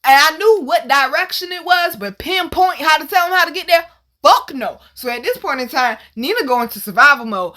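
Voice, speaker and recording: Woman, fairly high-pitched, brash storyteller voice. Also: normal speed. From Virginia, USA. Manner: animated, profane, laughing, acts out the people in her story. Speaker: channel host telling a personal story. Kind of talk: casual storytelling.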